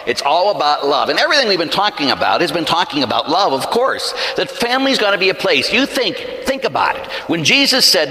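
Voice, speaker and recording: A pastor preaching a sermon in a large church, telling a story and acting out the voices in it. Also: male voice, fairly high pitch, sing-song, moderate pace, pushed and bright. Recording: echoey church hall.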